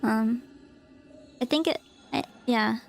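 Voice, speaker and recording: A woman streamer chatting casually, reading a text aloud and breaking off with giggles, fillers and squeaky bursts of disbelief. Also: slow pace, soft background music. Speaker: VTuber streamer.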